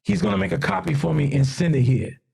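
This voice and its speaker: A gravelly, husky man with a Mid-Atlantic American accent tells stories on a casual podcast, his voice sitting a little high for a man. He acts out quoted people with lively energy. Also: fast. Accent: Mid-Atlantic US (DMV). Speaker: guest fashion designer.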